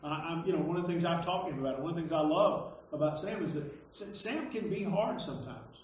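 High-voiced man preaching in an echoey hall. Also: fast talker, distant mic, a little hiss or hum. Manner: conversational, stammers and repeats words, emphatic. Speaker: pastor. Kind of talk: sermon. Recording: echoey hall, dull lo-fi sound.

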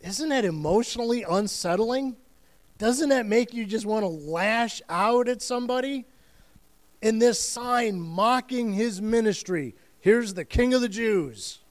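A man's voice: high-pitched, expressive, unhurried. A man preaching a sermon as pastor, telling the story in earnest and vivid detail and repeating phrases for weight.

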